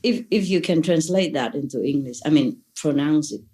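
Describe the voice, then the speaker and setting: A woman's voice: deep voice, moderate pace, dark tone. A woman spiritual teacher answering questions at a gathering, playful and gushing, laughing often and speaking imperfect English.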